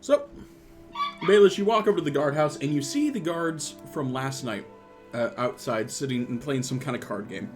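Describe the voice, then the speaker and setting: A man narrating a tabletop game as game master over an online call, playful and animated. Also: medium pitch, normal speed, faint music behind. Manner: animated, playful, laughing often.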